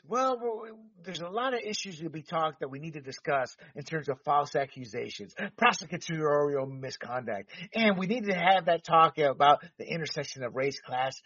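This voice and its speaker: This podcast host grew up in Panama and rants about politics in a heated, emphatic way, now and then swearing. His voice is fairly high, a bit bright and husky. The recording is dull, lo-fi and dry, with the mic set back from him.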